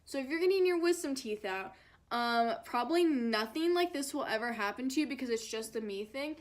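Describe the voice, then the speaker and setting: A woman's voice: high voice, animated, a little fast. Chatty young woman telling a dramatic storytime. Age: young adult. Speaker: vlogger. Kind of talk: storytime vlog.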